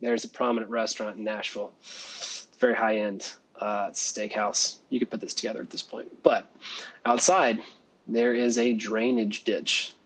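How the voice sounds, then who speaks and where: Husky-voiced man telling a story. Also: on the low side, normal speed, rough recording. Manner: animated, laughs often, acts out voices. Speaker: guest, former valet. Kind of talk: casual storytelling.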